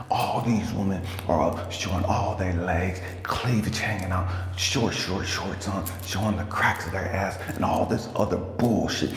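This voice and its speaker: A life coach and speaker with a deep, gravelly voice delivers a casual storytelling rant to camera. He's profane, heated, and preachy. The echoey room adds long reverb and faint ambience.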